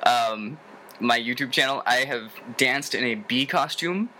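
A man's voice: measured pace, a little hiss or hum. A young man from Tennessee with a General American accent, rambling casually and jokily as he introduces himself in a video. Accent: General American, no Southern drawl. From Tennessee, USA. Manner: rambling, animated, jokey, with sudden high sung bits. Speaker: vlogger introducing himself to a forum.

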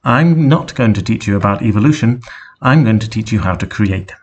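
A man voicing an erratic female winged unicorn goddess who is both mother and teacher, read mostly deadpan with sudden shouts. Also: on the low side, fairly quick, breathy edge, lo-fi sound.

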